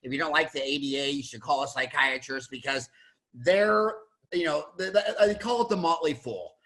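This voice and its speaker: A man's voice: a little high, normal speed, pushed and bright, rough recording. A middle-aged man from the USA, a dentist hosting a panel over a video call, talking in a blunt, rambling, emphatic way with many restarts. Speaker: dentist and podcast host. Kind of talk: opinionated panel discussion.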